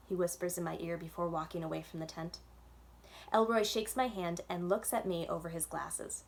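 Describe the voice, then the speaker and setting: A woman, a children's librarian, reading a children's novel aloud in clear, even narration. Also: fairly low pitch, normal speed.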